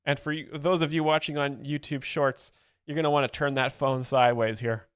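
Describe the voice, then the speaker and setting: A man's voice: mid-range voice, little pitch movement, a little fast, background noise. A man hosting a livestream, chatting and laughing as he explains a comedy clip, on a close mic. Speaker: host reacting to a comedy clip. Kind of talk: livestream commentary.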